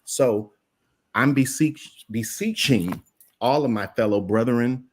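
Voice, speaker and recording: A man's voice: mid-range voice, slow pace. A man, chatting casually and telling a story in an earnest, plain-spoken way. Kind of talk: casual chat.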